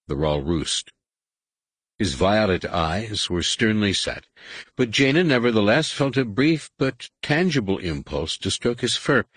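Deep-voiced man, husky, steady audiobook narration. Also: no room sound. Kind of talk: scripted narration.

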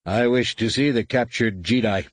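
A man voicing a cold, menacing alien warrior commander who speaks slowly and with measured threat, in a husky voice. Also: medium pitch, dry recording, natural voice. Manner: slow, measured, coldly threatening.

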